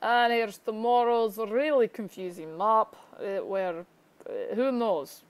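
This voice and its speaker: Woman, amateur weather forecaster, casual screencast chat, rambling, self-mocking, smooth voice. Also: fairly high pitch, takes it slowly. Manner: rambling, joking, self-deprecating.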